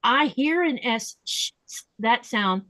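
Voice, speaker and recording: A woman hosting a casual podcast chat, talking easily and slowing down to spell out how words are said. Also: fairly high pitch, expressive, sharp tone, no echo. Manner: chatty, explains pronunciation slowly and repeats words. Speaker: podcast host.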